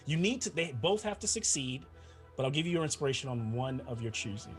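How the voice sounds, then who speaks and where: A man's voice: mid-range voice, animated, fairly quick, soft background music. A man running a tabletop role-playing game as dungeon master, chatty and often laughing, with many restarts.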